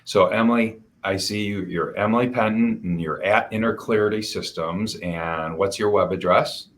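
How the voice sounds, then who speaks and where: Very deep-voiced emotional male host. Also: a bit bright. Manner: emotional, halting with repeated restarts. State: choked up. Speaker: podcast host. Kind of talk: casual interview chat.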